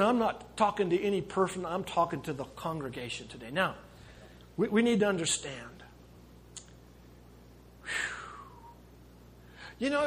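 A middle-aged man preaching a sermon as pastor, impassioned, with sudden shifts between soft asides and loud emphasis. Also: extremely high pitch.

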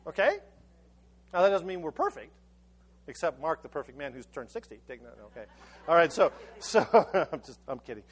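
Preaching to his congregation in a relaxed, conversational style, this pastor has a high, slightly rough voice with big pitch swings. His story comes out in halting bursts full of repeated and restarted words, but the sermon flows like easy storytelling.

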